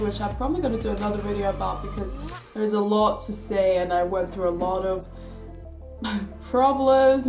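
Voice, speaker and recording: An eighteen-year-old woman from Russia chatting casually to camera as a vlogger, rambling along with lots of "like" and "you know". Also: medium pitch. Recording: echoey room with music behind.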